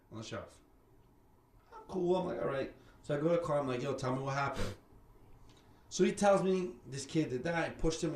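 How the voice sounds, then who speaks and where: Podcast host, man, lively swearing storyteller, echoey room with faint hiss. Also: a little high. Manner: animated storyteller, swears freely, acts out quoted voices. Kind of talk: casual chat. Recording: roomy sound with faint background noise.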